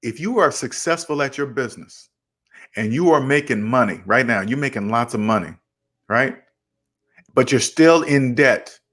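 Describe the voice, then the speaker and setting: A young man hosting a casual livestream about money, animated and acting out both sides of imagined conversations as he answers chat. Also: medium pitch, normal speed. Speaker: finance channel host.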